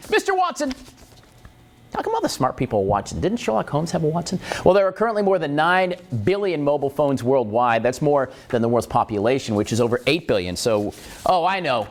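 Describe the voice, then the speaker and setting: Animated, jokey male morning show host. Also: fairly high pitch. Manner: jokey, rambling, slips into silly voices. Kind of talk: casual comedic monologue.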